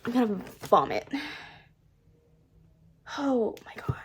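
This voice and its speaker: A young woman book vlogger talking casually at home into a camera mic, gushing with breathless excitement. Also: a little high, slow, background noise.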